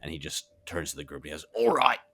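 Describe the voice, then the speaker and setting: A man playing a tabletop game, describing his character's actions in a lively way. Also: a bass voice, racing, no room sound. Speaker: player.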